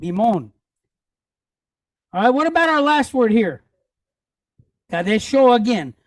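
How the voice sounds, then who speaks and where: A man teaching a Hebrew reading lesson, patiently spelling out letters and vowels and repeating each word slowly. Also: extremely high pitch, big pitch swings, no room sound, clean studio sound. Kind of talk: classroom teaching.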